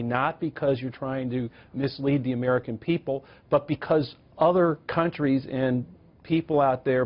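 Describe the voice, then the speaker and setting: Measured male panel guest. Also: medium pitch, highs cut off. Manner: measured, explaining, with restarts. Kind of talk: TV panel discussion.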